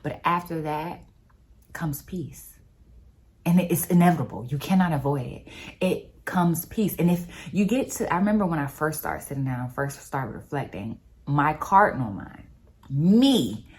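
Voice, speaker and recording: Low-voiced woman sharing faith stories. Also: a little slow. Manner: animated storyteller, expressive and conversational. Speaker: vlogger. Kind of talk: casual faith talk.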